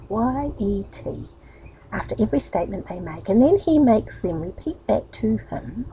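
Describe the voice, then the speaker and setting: A woman's voice: medium pitch, creaky, a little mellow, slight background noise, rough recording. A woman with a New Zealand accent talking in a chatty, rambling, upbeat way in a casual motivational vlog. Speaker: vlogger.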